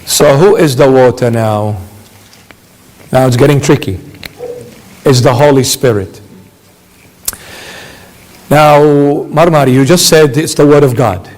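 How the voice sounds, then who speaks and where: A man's voice: medium pitch, slow, pauses often, a little mellow, long reverb tail. A man preaching a sermon as a bishop, emphatic, asking rhetorical questions and answering them himself.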